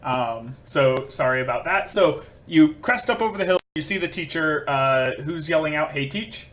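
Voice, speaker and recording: A man's voice: a little high, lively intonation, normal speed, a bit bright. A man narrating a tabletop game as game master, casual and self-deprecating, laughing easily.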